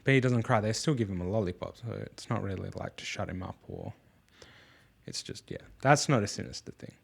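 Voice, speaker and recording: Casual podcast host, a young dad, low gravelly voice, rambling and loose. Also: male voice, animated, fairly quick. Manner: rambling, frequent fillers and restarts. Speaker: father.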